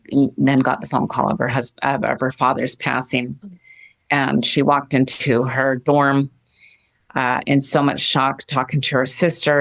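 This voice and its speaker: A middle-aged woman with a very deep, low voice talks earnestly in an interview. She speaks gently and circles back to repeat her phrases. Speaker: guest. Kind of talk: heartfelt interview talk.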